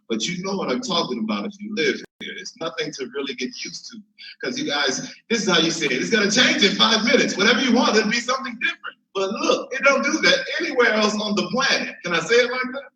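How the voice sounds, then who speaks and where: A man from Chicago doing animated stand-up comedy who laughs at his own jokes, recorded roomy and from a distance. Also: sits high, quick pace. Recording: roomy, from far mic.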